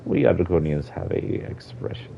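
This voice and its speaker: A man voicing a sad old Argonian woman elder in a put-on Jamaican-style accent, speaking slowly and quietly over dull lo-fi stream audio. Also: sits low, very animated, gravelly, a little hiss or hum, heavily acted. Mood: solemn.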